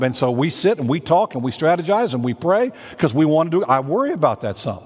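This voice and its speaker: A man's voice: a little high, very animated, fast talker, few pauses, a little mellow, husky. Man preaching in an echoing hall. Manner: conversational preaching with repeated phrases and rhetorical questions. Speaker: senior pastor. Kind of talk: sermon.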